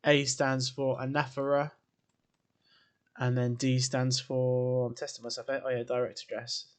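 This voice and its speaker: This classroom lesson video features an English man with an unhurried, medium-pitched, level voice. He teaches English writing straight to camera, keeping it chatty and informal while quizzing viewers and adding asides.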